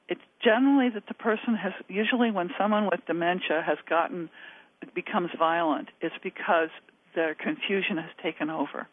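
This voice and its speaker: A woman guest on a call-in radio show, talking earnestly about dementia care, laughing easily and restarting her sentences. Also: lowish voice. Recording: tinny phone-like line.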